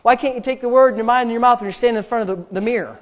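High-voiced emphatic male pastor preaching. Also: racing. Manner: emphatic preaching with repetition, dropping to quiet prayer. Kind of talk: sermon.

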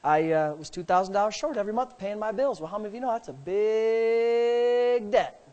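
A man's voice: high-pitched, moderate pace, highs cut off. Impassioned preacher man. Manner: impassioned, rising to loud emphatic preaching. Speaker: pastor. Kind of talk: sermon.

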